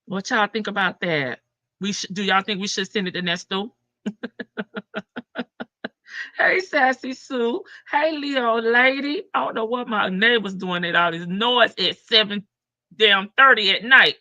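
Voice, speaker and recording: A woman's voice: medium pitch, unhurried, bright, forceful tone, no room sound. A woman hosting a casual live stream, reading news aloud and greeting her viewers by name. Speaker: livestream host. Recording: slightly dull, dry stream audio.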